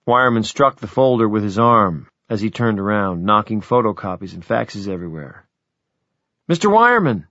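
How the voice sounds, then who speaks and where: A man reading a novel aloud as audiobook narrator, measured and even. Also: on the low side, no room sound. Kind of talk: scripted narration. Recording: dull, dry audiobook recording.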